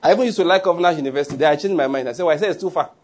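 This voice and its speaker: A man's voice: on the high side, very fast, a little hiss or hum. A man with a Nigerian accent preaching a sermon, chatty and humorous, dropping into Pidgin asides. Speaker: pastor.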